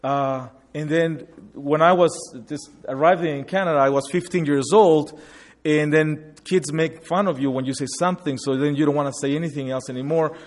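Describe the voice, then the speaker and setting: A man's voice: on the high side, steady tone, normal speed. Man telling his story in a hall. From Guatemala. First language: Spanish. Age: 40s. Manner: reflective, earnest storytelling. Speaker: speaker sharing his migration story. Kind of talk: personal testimony with slides. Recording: long hall reverb.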